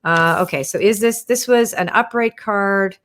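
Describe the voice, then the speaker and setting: A woman hosting a live stream, chatting as she answers viewer questions about oracle cards, explaining gently with lots of "right?" and "you wanna.". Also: mid-range voice, normal speed, slight background noise.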